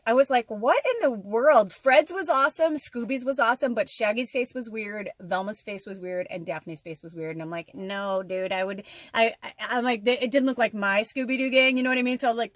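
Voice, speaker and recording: A woman telling a personal story in a casual vlog, excitable, swearing often and acting out her own dialogue. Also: mid-range voice, no room sound.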